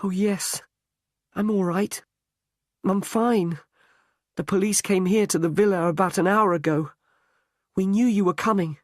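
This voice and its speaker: A man's voice: sits high, fairly even intonation, unhurried, long pauses, no room sound, clean studio sound, voice pushed up. A man reading a story aloud, voicing a young woman in a raised voice. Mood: relieved. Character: young woman, frightened then relieved.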